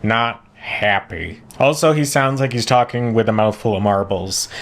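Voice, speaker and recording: A man hosting a reaction commentary, talking casually with sarcastic, animated interjections. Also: mid-range voice, fairly quick. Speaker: commentary host reacting to a clip.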